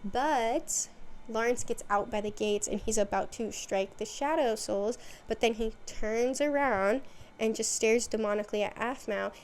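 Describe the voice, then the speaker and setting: A woman recapping a story series in a casual, chatty monologue, with sarcastic asides and quick quoted lines. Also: on the high side. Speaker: video essay host.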